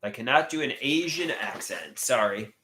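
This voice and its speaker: A man in his late thirties chats on a live stream, reading out viewer comments. His pitch swings lively up and down, and his voice has a bright edge. He stammers and restarts as he talks. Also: normal speed. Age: 30s. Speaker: livestream host. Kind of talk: casual live-stream chat.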